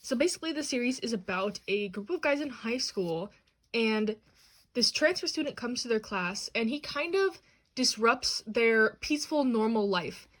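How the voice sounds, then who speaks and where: A woman's voice: a little high, moderate pace. Bubbly young woman gushing over a haul. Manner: bubbly and gushing, excitable asides. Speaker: channel host. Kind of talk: manga haul and unboxing vlog.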